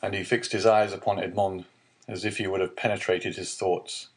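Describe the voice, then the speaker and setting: A man narrating a classic novel as a calm bedtime audiobook, reading slowly and evenly. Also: low voice. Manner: slow, even, soothing reading. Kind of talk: calm scripted narration for sleep.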